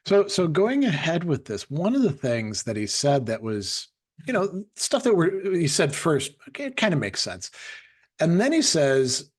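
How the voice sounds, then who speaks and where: A man's voice: on the high side, huge pitch swings, moderate pace, breathy edge. A man co-hosting a casual chat, reading quotes aloud and asking thoughtful questions. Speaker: co-host.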